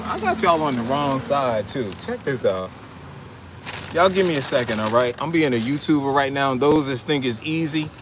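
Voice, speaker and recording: A man's voice: medium pitch, a bit bright, a little hiss or hum. A man casually vlogging outdoors, talking loosely and straight to his viewers. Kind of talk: casual live vlog. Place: outdoors at a city fast-food lot.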